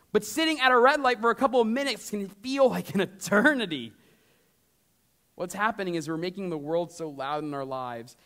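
A man preaching a sermon as pastor, talking straight to the congregation and swinging from lively emphasis down to hushed storytelling. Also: sits high. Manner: conversational, addresses the congregation directly.

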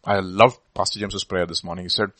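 A man's voice: deep voice, steady tone, fast, a bit bright, dry recording, rough recording. A man with an Indian English accent preaching a sermon as a pastor, emphatic and full of rhetorical questions.

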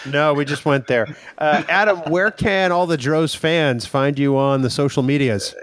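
A man's voice: on the high side, normal speed, no echo. Upbeat male podcast co-host, dry sound. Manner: upbeat, wraps up segments. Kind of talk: casual chat.

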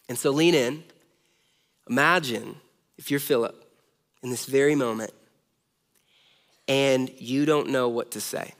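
A man in his thirties from Southern California preaching a sermon, telling a self-deprecating story with animated energy. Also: medium pitch. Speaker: pastor. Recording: long hall reverb.

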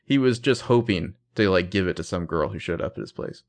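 Low-voiced man recapping a show. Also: animated, fairly quick. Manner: retells scenes by acting out the characters' lines. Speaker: podcast co-host recapping a TV episode. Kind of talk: casual chat.

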